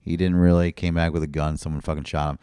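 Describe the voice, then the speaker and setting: A man's voice: extremely low pitch, level tone, fast, mellow, clear, resonant tone, dry recording, studio quality. A man, a comedian telling rambling, profane stories as a guest on a casual podcast. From Brooklyn, New York.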